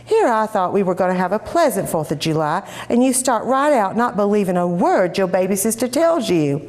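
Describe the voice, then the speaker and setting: A stiff, indignant older mother scolds and calls out in a high, shrill voice, stretching her words as she goes, played by a woman reading a short story aloud. Her tone stays proper and offended throughout. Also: big pitch swings, fairly quick, a little mellow, lightly acted.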